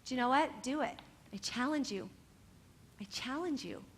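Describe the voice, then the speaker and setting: A woman from California who teaches dance, giving a motivational talk to young dancers in an animated, encouraging way and speaking straight to the students. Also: sits high, moderate pace, a little hiss or hum.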